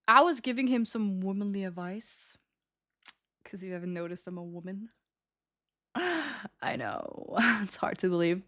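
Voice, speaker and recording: A woman's voice: medium pitch, a bit bright. A young woman streamer telling a story to her chat in a casual, chatty way, laughing often.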